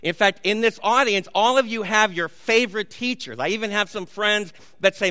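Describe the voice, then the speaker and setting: A man's voice: high voice, moderate pace, few pauses, pushed and bright, smooth, no room sound, in a large hall. A man, a pastor preaching a sermon in a church, telling stories conversationally with asides to the congregation. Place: church sanctuary.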